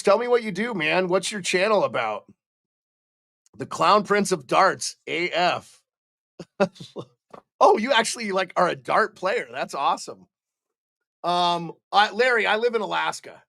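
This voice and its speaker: Gravelly, kinda high-voiced guy doing fan play-by-play and chatting with chat, gets hyped on the big saves. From Montana. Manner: excitable calls, chatty asides to viewers.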